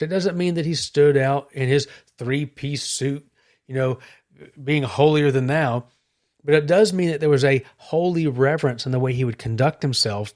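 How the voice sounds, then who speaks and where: A man co-hosting a Christian podcast, speaking earnestly and reflectively, slowing down on key points. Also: mid-range voice. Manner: earnest, reflective, slow emphasis. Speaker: podcast co-host, Christian minister. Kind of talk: casual chat.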